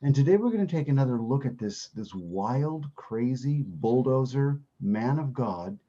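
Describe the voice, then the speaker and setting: A man's voice: medium pitch, mellow, husky, lo-fi sound. A man teaching a Bible class, talking conversationally, asking the class questions and repeating his key phrases. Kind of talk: interactive class lesson.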